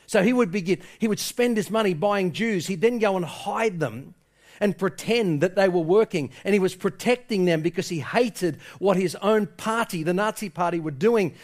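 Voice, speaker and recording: High-voiced man preaching with passion. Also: normal speed. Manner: impassioned storytelling, quoting people in his tale. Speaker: pastor. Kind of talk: sermon.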